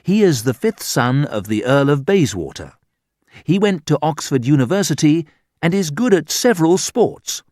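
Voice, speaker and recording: A man reading a humorous book aloud as an audiobook narrator, in deliberate scripted narration. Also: a little high, very animated, darkish tone, dry recording, clean studio sound.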